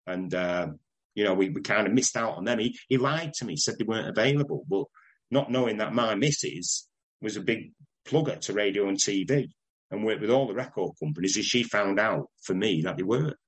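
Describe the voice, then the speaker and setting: An older man with a Manchester accent, telling stories in a casual interview, chatty and quick to laugh. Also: lowish voice, lively intonation, slightly rough, low-quality recording. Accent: Northern English, Manchester. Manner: chatty anecdotal, laughs often, does voices in stories. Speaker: interviewee, broadcaster.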